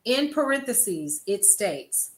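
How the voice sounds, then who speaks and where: A woman's voice: medium pitch, sing-song, slow pace, echoey room. An older woman, a grandmother, hosting a casual news commentary stream, chatty and laughing often as she talks to her viewers. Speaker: host.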